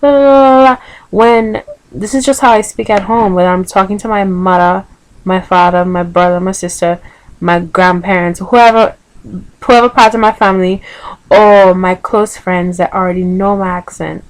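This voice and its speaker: A woman's voice: fairly low pitch, steady tone, moderate pace, poor audio. Chatty Vincentian woman vlogger. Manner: chatty, hesitant with many ums. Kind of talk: casual accent tag video. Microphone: computer microphone.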